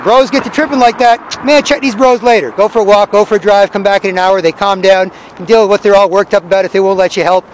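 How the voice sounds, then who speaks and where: A man's voice: sits high, fairly even intonation, fast, few pauses, a little hiss or hum, rough recording. A man delivering a rambling, profane street rant outdoors in a city square. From Canada.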